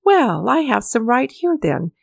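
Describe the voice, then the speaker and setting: A kindly old poet, chatty and eager to please his young guest, as a woman narrator puts him on. His lines run a little higher and livelier than the surrounding narration, heard in a dry, close storybook recording. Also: sing-song, a little slow, creaky, husky, no room sound, full character voice. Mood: genial. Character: genial elderly male poet, warm host.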